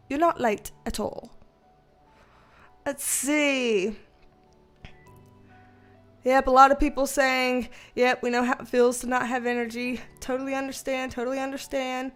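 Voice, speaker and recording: A woman's voice: high-pitched, fairly even intonation, a little slow, pauses often, faint music behind. Chatty woman greeting livestream viewers. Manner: chatty, greets viewers by name, laughs often. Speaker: livestream host and tarot reader.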